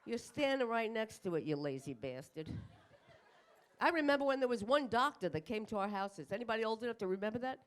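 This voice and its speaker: A woman's voice: fairly high pitch, lively intonation, brisk. Brash, profane older woman comic. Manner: brash, profane, self-mocking punchlines. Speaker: stand-up comedian. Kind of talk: stand-up comedy set. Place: comedy club stage in front of a live audience.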